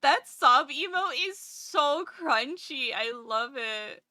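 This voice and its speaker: A woman's voice: high-pitched, expressive, slow, sharp tone, dry recording, clean studio sound. A woman streaming live and chatting casually with her viewers in a bubbly, gushing way. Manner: bubbly, chatty, gushing over cute things.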